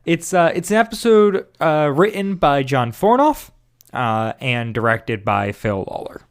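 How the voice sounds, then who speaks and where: Young guy cohosting a podcast, super lively up and down pitch, keeps restarting his sentences. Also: clean tone. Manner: halting, restarts often, dry jokes. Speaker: podcast co-host. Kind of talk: casual chat.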